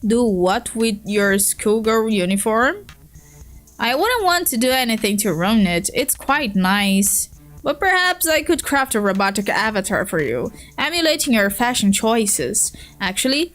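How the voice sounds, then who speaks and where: A woman doing a prim, courteous gentleman. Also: a little high. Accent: Brazilian Portuguese. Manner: prim, courteous, long-winded. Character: overly polite formal male gentleman troll.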